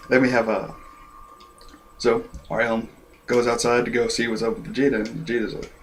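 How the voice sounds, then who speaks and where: A man giving a casual, rambling review of an anime episode and clearing his throat often. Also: mid-range voice, fairly even intonation, normal speed, long pauses, slight background noise.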